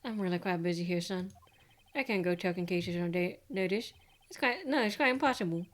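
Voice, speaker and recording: A woman voicing a pompous, evasive old male lawyer from a video game, stuffy and formal, clearing her throat. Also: fairly low pitch, fairly quick, close to an everyday voice. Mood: dismissive. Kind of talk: reading game dialogue aloud.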